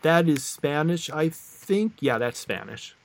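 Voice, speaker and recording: A man's voice: fairly high pitch, lively intonation, slow, gravelly, slight background noise. A young man chatting casually as a podcast co-host, rambling with many fillers, restarts and trailing thoughts. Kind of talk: casual chat.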